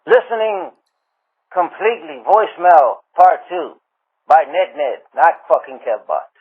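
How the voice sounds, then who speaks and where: A man leaving a long voicemail for a radio show, telling a rambling story with drawn-out pauses and often calling the host sir. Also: on the high side, big pitch swings, slightly rough. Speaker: voicemail caller. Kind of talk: rambling anecdote. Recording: tinny phone-line voicemail.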